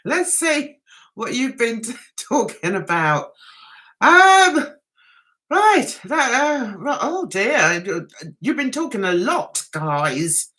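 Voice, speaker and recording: Giggly, lively woman vlogger. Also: a little high, slow. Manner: rambling and giggly, chatting directly to viewers. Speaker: vlogger hosting a livestream. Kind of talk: casual livestream chat.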